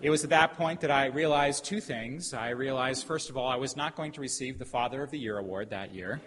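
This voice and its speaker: A middle-aged man preaching a sermon as a pastor, telling a story with emphatic pauses. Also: medium pitch. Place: church sanctuary. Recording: hall reverb, faint background noise.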